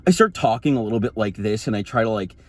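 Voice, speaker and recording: A man putting on a low, drawling macho voice as a sleazy, sexually ambiguous blue-collar dude. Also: animated, fast, dry recording.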